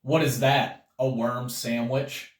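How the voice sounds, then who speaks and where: A man's voice: mid-range voice, flat delivery, takes it slowly, lightly acted. A man voicing a teasing schoolboy who mocks a classmate's lunch in a blunt, scornful tone. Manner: blunt, mocking. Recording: roomy sound from a distance.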